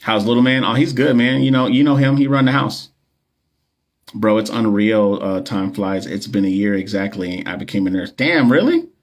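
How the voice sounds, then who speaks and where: A man's voice: on the low side, normal speed. A man who works as a nurse and coach, chatting loosely with viewers on a phone livestream, full of slang, jokes and fillers. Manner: loose, slangy and joking, with many fillers and repeats. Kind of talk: casual livestream chat with viewers.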